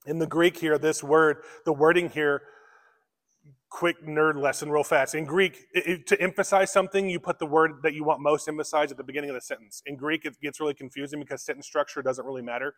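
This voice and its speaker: A male pastor preaches in an earnest, conversational way, circling back over his phrases as he explains. His voice sits a little high for a man. The sound carries a long reverb from a large church hall. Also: fairly even intonation, brisk, fairly bright tone. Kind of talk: sermon. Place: church sanctuary.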